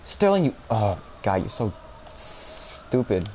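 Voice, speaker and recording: Low-voiced man yelling at a football game. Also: sing-song, slow, slight background noise. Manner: self-mocking about his play. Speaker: gamer streaming a football video game. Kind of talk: live gameplay commentary.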